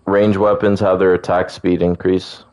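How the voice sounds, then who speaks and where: Calm, very deep-voiced man. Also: moderate pace. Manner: calm, laid-back, gently teasing. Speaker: gaming channel co-host. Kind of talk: casual let's-play chat.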